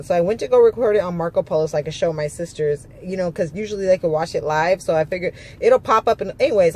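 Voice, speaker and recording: A woman's voice: medium pitch, darkish tone, slight background noise. A woman from California, a mother, telling a story in a heated, profane vlog rant, quoting people back and forth. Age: adult mother. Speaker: vlogger.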